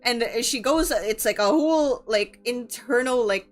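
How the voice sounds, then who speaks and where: A woman's voice: fairly high pitch, a little slow, soft background music. A young woman from the Philippines hosting a book club, chatting casually and rambling with lots of filler words and giggles. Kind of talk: casual livestream chat.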